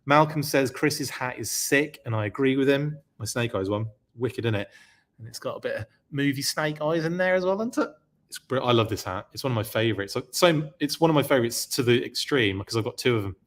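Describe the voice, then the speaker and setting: A man's voice: mid-range voice, fairly quick. Gushing male podcast host. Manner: excited, gushing; chatty, many fillers and restarts. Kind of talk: live-stream show-and-tell, reading viewer comments.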